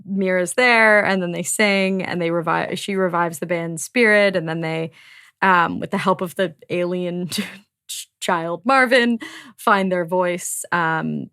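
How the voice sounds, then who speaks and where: A woman's voice: fairly low pitch, fairly bright tone. A woman hosting a book podcast, chatting casually, laughing often and swearing freely. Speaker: podcast host.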